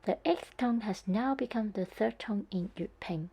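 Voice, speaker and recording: A woman delivers a scripted lesson at an unhurried pace. Her voice is mellow and a little breathy. She speaks carefully, sounding out each tone. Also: mid-range voice. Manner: slow, careful, demonstrating tones. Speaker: Cantonese teacher.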